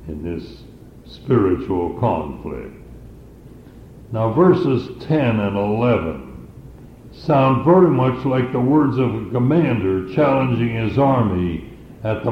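A man preaching a sermon, teaching scripture in a slow, deliberate way. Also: on the low side, roomy sound, muffled recording, slight background noise.

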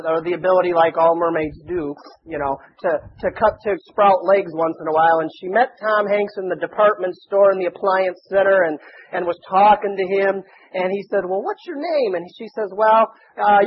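Emphatic high-voiced male preacher. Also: lo-fi sound, slight background noise. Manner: emphatic, slows and rises on key words, asks the congregation questions. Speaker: pastor. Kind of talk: sermon.

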